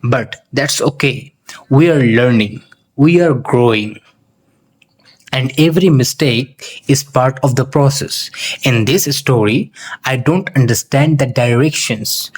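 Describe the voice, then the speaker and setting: A male English teacher narrates a simple story slowly and deliberately, spacing his phrases carefully for learners. His voice is mid-range with a breathy edge.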